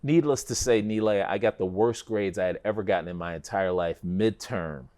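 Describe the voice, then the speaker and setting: A middle-aged man with a fairly low voice, speaking as a guest in a relaxed chat. He tells his story with animation and a flair for the dramatic, building toward each turn. He sounds easygoing and conversational. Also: normal speed.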